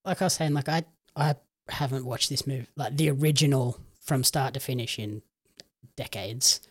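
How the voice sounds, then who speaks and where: A man co-hosting a casual film review podcast, speaking in a relaxed, agreeable way with lots of fillers. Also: medium pitch, moderate pace, breathy edge. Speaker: co-host commentator.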